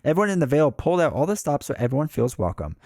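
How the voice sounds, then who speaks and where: A man's voice: on the high side, big pitch swings, very fast, darkish tone, dry recording, clean studio sound, voice pushed up. A man voicing an eager, friendly young local man who welcomes visitors in a tabletop card game reading.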